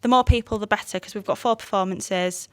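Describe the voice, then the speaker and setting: A woman's voice: mid-range voice, a little fast, a bit bright, clear, resonant tone, no echo. An English woman guest on a podcast, upbeat and chatty, promoting a college show and laughing easily. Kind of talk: casual chat.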